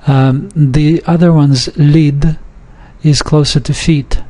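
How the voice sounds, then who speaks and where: Male language teacher, unhurried, monotone, patient textbook walkthrough. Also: on the high side. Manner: slow, patient, with frequent hesitations. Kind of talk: recorded textbook lesson.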